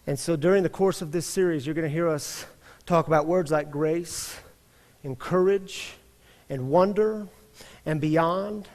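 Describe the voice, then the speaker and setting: A male pastor giving an earnest sermon to his congregation, telling a story and building up then dropping soft. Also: on the high side, a little slow. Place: church sanctuary. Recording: long church-hall reverb.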